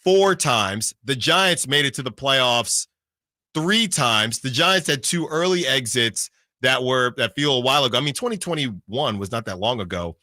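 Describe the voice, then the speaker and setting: This man hosts sports radio, his medium-pitched, bright, forceful voice moving at a moderate pace with lively intonation. He casually reads off team records and double-checks himself along the way, recorded cleanly in a studio without echo.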